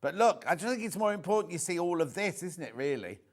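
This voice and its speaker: A British man hosting live TV sales, talking in a chatty, rambling way that keeps doubling back on itself. His voice sits a little high for a man. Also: very animated, fast. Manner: chatty, repeats words, reads out viewer messages. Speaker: shopping channel presenter.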